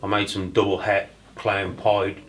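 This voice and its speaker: A man with a fairly low voice, talking haltingly and full of fillers at a casual round table. There is a faint hum of room noise behind him. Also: little pitch movement, rough recording. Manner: halting, with many fillers and restarts. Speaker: snake breeder guest.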